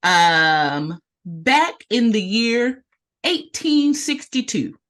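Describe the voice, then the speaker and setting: A woman podcast co-host with a mid-range voice talks in a relaxed, easygoing way. She swears casually and laughs along with the conversation. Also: fairly high pitch, very slow. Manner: laid-back, laughing, profane. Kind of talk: casual chat.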